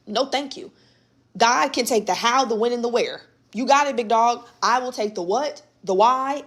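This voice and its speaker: Emphatic woman coaching on a livestream. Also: mid-range voice. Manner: emphatic and conversational, repeats points, addresses listeners as baby and y'all. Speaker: spiritual coach hosting a live session. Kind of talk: casual motivational teaching on a livestream. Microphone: phone or webcam on a live stream.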